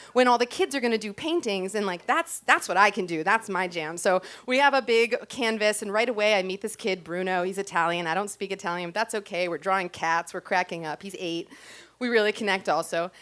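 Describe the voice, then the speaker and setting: On the stage of a small club, in front of a live audience, a woman shares a personal story into a stage mic. Her voice is medium in pitch and a little bright, and she comes across as chatty and self-deprecating, dropping plenty of "ums" and "likes."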